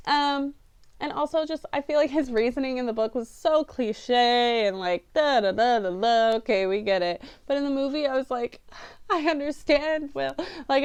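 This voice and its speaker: A young woman chatting to camera as a book vlogger, rambling and emotional. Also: high voice. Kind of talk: casual chat to camera.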